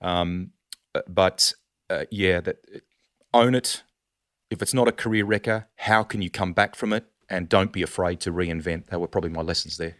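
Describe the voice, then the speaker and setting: A middle-aged Australian man telling animated stories in a casual podcast chat, calling the host "mate" a lot. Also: low-pitched, moderate pace, no echo, studio quality. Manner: animated storyteller, says "mate" often. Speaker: sports broadcaster, guest.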